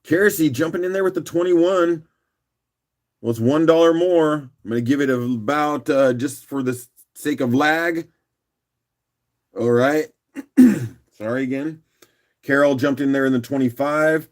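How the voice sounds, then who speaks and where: A man with a rough morning voice, hosting a live rock auction stream in a relaxed, chatty way and clearing his throat now and then. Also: fairly high pitch, measured pace, pauses often. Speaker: livestream auction host. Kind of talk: casual live auction chat.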